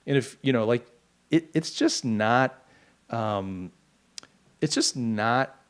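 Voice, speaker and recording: Middle-aged male host, mid-pitched voice, chatty and rambling, quick to mock. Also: clean tone. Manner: rambling, animated, mocking asides. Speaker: podcast host. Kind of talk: casual opinion monologue.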